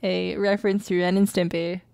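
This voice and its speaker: A woman's voice: fairly low pitch, flat delivery, normal speed, vocal fry, darkish tone, clean tone, no echo. Sarcastic woman streamer, dry close sound. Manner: joking, sarcastic, swears freely. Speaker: game streamer. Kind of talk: casual gameplay commentary.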